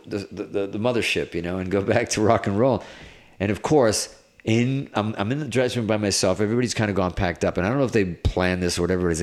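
A middle-aged man, a guest guitarist, telling stories in a casual interview, rambling and animated with lots of "like"s. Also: on the low side. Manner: animated, rambling, filler-heavy with many "like"s.

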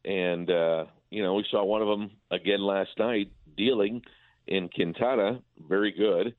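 Male baseball broadcaster phoning in, deep voice, tinny phone audio, loose chatty delivery full of restarts. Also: steady tone, unhurried, dry recording. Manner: repetitive, stumbling restarts. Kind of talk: casual sports talk by phone.

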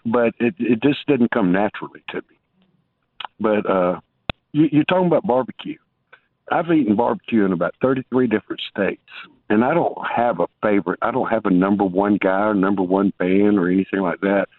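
A man's voice: on the low side, brisk, dry recording. A man calling in to a talk show, rambling, restarting his sentences and teasing the host good-naturedly. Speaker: caller. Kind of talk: casual call-in banter. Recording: tinny phone line.

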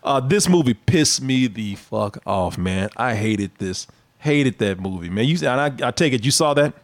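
A man in casual, profane conversation about movies, animated and quick to laugh. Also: medium pitch. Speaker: podcast co-host. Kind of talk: casual movie-review chat.

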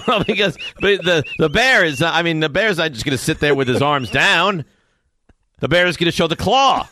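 Animated sports radio co-host, man. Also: fairly high pitch, normal speed, slight background noise. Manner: animated, laughing, dramatic mock growls. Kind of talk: casual studio banter. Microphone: studio microphone.

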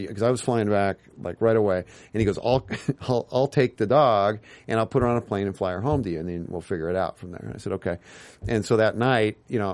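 Man, lowish voice, quick talker, rambling interview guest, tangents and acted-out quotes. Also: a little mellow. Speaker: guest, TV writer and producer. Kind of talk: casual interview storytelling.

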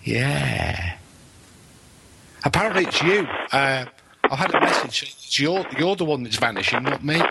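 A man's voice: medium pitch, very animated, normal speed, vocal fry, heavy background noise. A man from Wales, a guest on a radio show, chatting dryly and joking. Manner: dry, joking. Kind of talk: casual chat over a phone link.

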